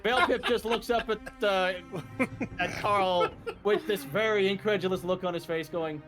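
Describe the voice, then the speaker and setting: A man playing a tabletop game, casually narrating his character with halting speech. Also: high voice, fairly even intonation, over music. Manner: halting, with many fillers.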